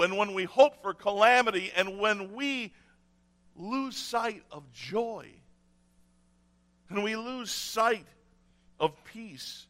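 A man's voice: high-pitched, fairly bright tone. A man preaching a sermon in an earnest way, repeating key phrases for emphasis. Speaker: pastor.

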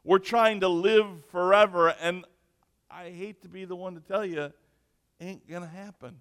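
A man preaching a sermon, slow and emphatic, moving between loud declarations and near-whispers. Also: high voice, steady tone, smooth. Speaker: pastor. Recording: echoey hall.

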